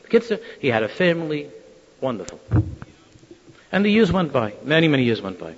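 A man telling a Hasidic story to listeners, acting out the quoted voices with lively shifts of tone. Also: a little high, brisk, husky. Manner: animated, acts out quoted voices. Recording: dull lo-fi sound in a reverberant hall.

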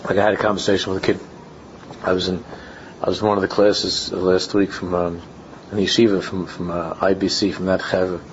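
A man teaching a Torah class, telling anecdotes and acting out dialogues, mixing Yiddish and Hebrew terms into his talk. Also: fairly quick. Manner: animated storytelling, acts out dialogues in pitch jumps. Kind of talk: Talmudic-style lecture with anecdotes. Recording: lo-fi recording with faint background noise.

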